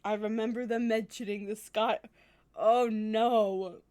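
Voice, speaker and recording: Excitable woman streaming a game. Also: on the high side, slow pace. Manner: excitable, self-deprecating. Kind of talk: let's play, reading game text aloud.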